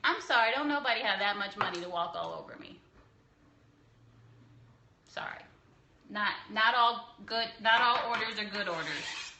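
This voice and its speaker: A woman's voice: mid-range voice, animated, normal speed, pauses often, background noise. A young woman cake decorator answering viewers' questions on a casual live stream, blunt and preachy, with some laughs and mild swearing. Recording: echoey room.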